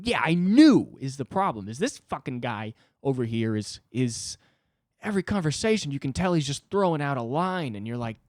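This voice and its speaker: A man in his twenties hosting a solo comedy podcast, ranting in an agitated, profane way with sudden jumps in pitch. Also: expressive, brisk, darkish tone, no room sound, studio quality. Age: 20s. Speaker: podcast host.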